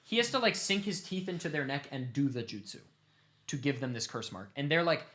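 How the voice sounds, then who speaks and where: A man's voice: a little high, fairly quick. Casual young man retelling a story. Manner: animated, swears casually. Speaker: streamer host.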